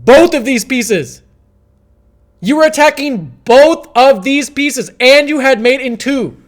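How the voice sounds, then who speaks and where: A young man commentating chess on a live stream, exasperated, swinging between shouts and mumbling. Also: extremely high pitch, animated, slow.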